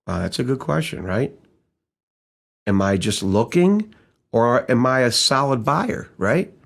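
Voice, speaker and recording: Animated man telling a sales story. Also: mid-range voice, measured pace, vocal fry, pauses often. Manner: animated storyteller who acts out quoted dialogue and asks rhetorical questions. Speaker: sales trainer. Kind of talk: conversational sales-training audiobook storytelling.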